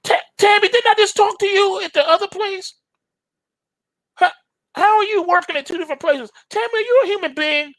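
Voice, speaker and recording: A man's voice: very high-pitched, brisk, a bit bright, dry recording, pitched above the performer's own voice. A man acting out a flustered caller, pleading and stammering in exasperation. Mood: exasperated. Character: flustered everyday man calling customer service.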